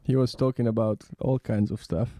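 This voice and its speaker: A man's voice: lowish voice, steady tone, fairly quick, warm tone, no room sound, clean studio sound. A man, not a native English speaker, chatting animatedly on a podcast about his dancing career and often repeating "yeah, yeah, yeah". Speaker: ballroom dancer. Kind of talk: casual podcast conversation.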